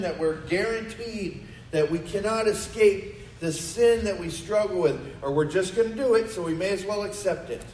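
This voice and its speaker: A high-pitched male pastor delivers an emphatic sermon, pressing his congregation with rhetorical questions. He is picked up from some distance in a roomy, echoing church, with a faint hum of ambience behind him. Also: normal speed, a little mellow. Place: church sanctuary.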